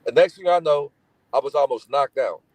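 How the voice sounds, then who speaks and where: A middle-aged man from Gary, Indiana, in the United States, a guest telling family stories in casual talk. His medium-pitched voice is brisk and slightly rough, and he animatedly acts out the voices of the people in his stories. The audio is poor, with no room sound.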